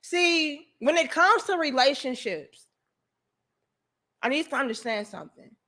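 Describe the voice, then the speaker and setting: A woman's voice: sits high, lively intonation, measured pace, bright, forceful tone. A woman hosting a livestream, delivering an emphatic, profane, preachy rant to her viewers. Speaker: livestream host.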